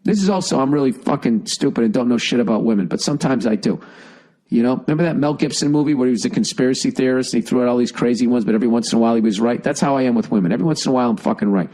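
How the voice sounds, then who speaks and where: With a medium pitch and a slightly mellow sound, a man talks very fast over poor audio. He hosts a podcast, reading a listener email and dishing out profane, blunt advice in a rambling, comic Boston-accented rant as he fights a cough.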